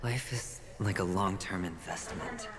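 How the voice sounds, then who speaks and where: A smooth, self-assured young gambler. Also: male voice, fairly low pitch, exaggerated voice. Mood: reflective. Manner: calm, measured, reflective. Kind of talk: game cutscene dialogue. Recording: reverberant game audio with loud music.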